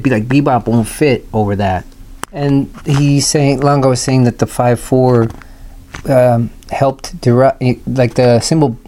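A man teaching a casual music lesson, explaining rhythms and scatting the beats out loud. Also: mid-range voice, a little hiss or hum.

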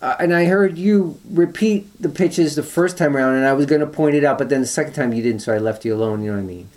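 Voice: mid-range voice, fast, darkish tone. A music teacher explaining call and response during a guitar lesson, thinking aloud with restarts and fillers, with guitar playing in between.

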